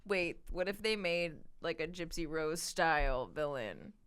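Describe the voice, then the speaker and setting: Bright, laughing woman co-host. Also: sits low, unhurried, clear, resonant tone. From Boston. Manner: loud, laughing, excitable. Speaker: podcast co-host. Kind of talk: casual comedy chat.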